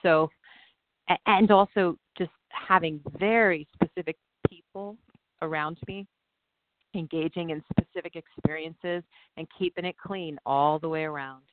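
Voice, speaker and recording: A woman talking earnestly in a casual chat, her voice on the low side. She tells stories in a lively way and often starts over mid-sentence. The sound is narrow and phone-like, dry and close. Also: a little slow, no echo. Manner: earnest, animated storytelling with many self-restarts. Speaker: podcast co-host.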